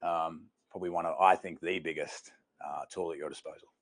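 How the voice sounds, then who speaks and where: Fast-talking male sales trainer. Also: a bass voice, no echo. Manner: energetic storyteller, addresses the room. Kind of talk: training workshop talk.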